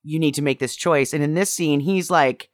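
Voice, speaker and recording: Co-host on a movie podcast, amused and incredulous, dry close sound, mid pitch. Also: normal speed, no room sound. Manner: laughing, incredulous retelling of scenes. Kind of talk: casual movie review chat.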